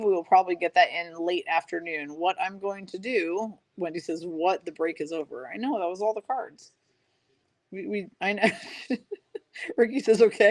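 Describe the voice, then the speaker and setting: A woman's voice: medium pitch, no echo. A woman hosting a live card-opening stream, chatting casually, reading viewer comments aloud and laughing often.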